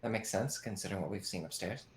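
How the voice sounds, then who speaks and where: A man's voice: lowish voice, quick pace. A man narrating as game master in a tabletop game, talking in a rambling, hesitant way with many fillers. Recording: echoey room with faint noise.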